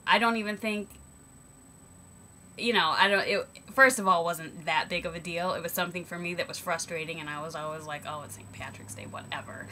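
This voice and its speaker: A young American woman vlogger with a low-leaning, steady voice talks a little fast, her tone bright and forceful, over slight background noise. In a reflective personal monologue to her camera she sounds hesitant and thoughtful, with frequent ums and self-corrections.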